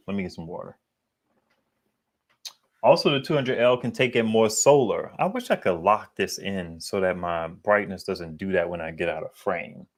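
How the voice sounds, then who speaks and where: A man with a deep, bassy voice chatting casually to his viewers about solar gear, rambling and slangy. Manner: rambling, digressive, slangy and candid. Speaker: solar equipment YouTuber. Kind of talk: casual vlog chat.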